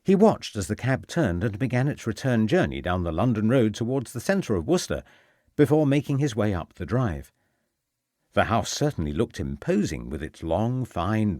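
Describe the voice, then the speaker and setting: Low, expressive male audiobook narrator. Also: dry recording, clean studio sound.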